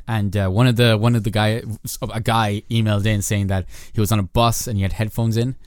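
A woman with a strikingly deep voice co-hosts a casual podcast. She tells stories in a rambling way, laughing often and swearing freely. Her voice comes through a close mic in a dead, dry room. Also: little pitch movement, a little fast, a little mellow, smooth, no echo. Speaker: podcast co-host. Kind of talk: casual chat.

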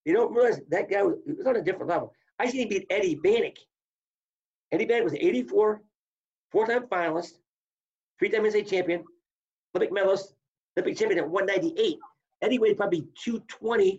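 An older man and former wrestler, telling stories in an animated way and acting out what others said. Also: high voice, quick pace, creaky, pauses often, slightly rough, distant mic, dull audio. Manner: animated storyteller, acts out quotes. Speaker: former college wrestler, guest. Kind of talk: storytelling interview chat.

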